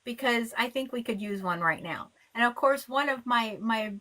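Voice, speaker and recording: A woman's voice: fairly high pitch, normal speed, sharp tone. A woman who is a rabbi, chatting on a live call-in stream with blunt, sarcastic, profane remarks.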